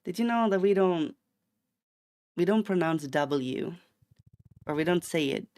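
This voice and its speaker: A man from Sweden with a Swedish accent, streaming a game and chatting casually. His voice carries a gravelly, fry-tinged edge. He rambles playfully and flares into mock outrage. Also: sits high, animated, unhurried, a little mellow. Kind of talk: casual chat while gaming.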